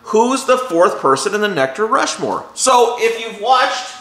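A man's voice: high voice, sing-song, a little slow, bright, forceful tone, reverberant, slight background noise. A man hosting his own gardening show, talking casually and folksily to his viewers. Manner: chatty, folksy, loose with restarts. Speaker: show host. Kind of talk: casual talk to camera.

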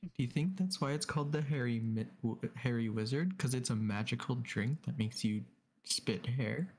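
A man's voice: medium pitch, expressive, normal speed, darkish tone, a little hiss or hum. A man playing a tabletop game, musing hesitantly and goofily. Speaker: player. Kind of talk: tabletop role-play.

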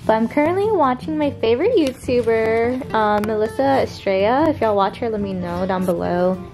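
A woman's voice: on the high side, animated, normal speed, a little mellow, soft background music. A tired young woman, chatting through casual vlog updates about her pets and stretching her fillers. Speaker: vlogger.

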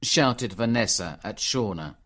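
Slow, expressive male story narrator. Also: on the low side. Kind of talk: graded reader audiobook narration.

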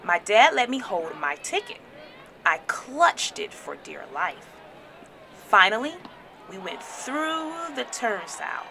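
A woman teacher reading a children's storybook aloud with expressive, animated storytelling. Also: on the high side, takes it slowly, creaky, slight background noise.

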